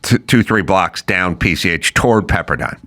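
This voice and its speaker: Middle-aged man, podcast host; animated, incredulous comic storytelling, bright and lively. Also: deep voice, normal speed. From Los Angeles. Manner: animated, incredulous, mimics people in voices. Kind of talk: comedic storytelling rant.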